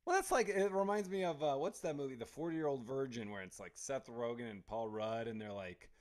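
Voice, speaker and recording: A man's voice: mid-range voice, a little fast, few pauses, a little mellow. A man co-hosting a podcast, telling a ranting story in casual chat. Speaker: podcast co-host.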